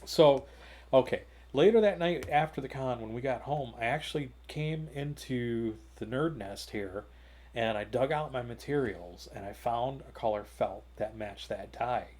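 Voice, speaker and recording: Give me a man of average pitch co-hosting a gaming show, telling a rambling story with lots of fillers. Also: unhurried. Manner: rambling, animated, with many fillers and restarts. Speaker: co-host of a gaming talk show. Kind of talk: casual anecdote telling. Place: home hobby room.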